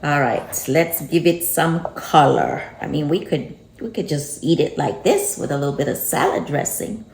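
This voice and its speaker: A woman's voice: low-pitched, moderate pace, creaky, few pauses, darkish tone, slight background noise. A woman hosting a cooking vlog, chatting and reflecting to herself as she chops in her home kitchen. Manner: chatty and reflective, talks to herself while chopping. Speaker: vlog host. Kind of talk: casual cooking chat. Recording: echoey room with background music. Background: background music.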